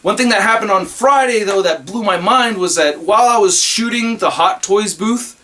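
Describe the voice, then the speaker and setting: High-voiced excitable man telling a story. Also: moderate pace, slight background noise. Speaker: toy reviewer and YouTuber. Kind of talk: casual storytelling vlog.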